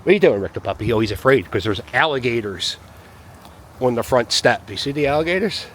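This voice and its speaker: A man's voice: medium pitch, expressive, a little fast, fairly bright tone, slight background noise. A man giving rambling, wry commentary to a handheld camera as he walks his dog down a city street. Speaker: vlogger walking his dog. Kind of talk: casual walking commentary.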